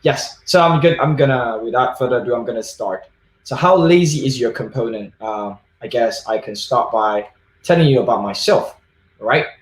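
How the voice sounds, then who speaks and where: A man's voice: medium pitch, moderate pace. Easygoing man from Nigeria, echoey room. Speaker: conference speaker. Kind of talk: relaxed tech talk.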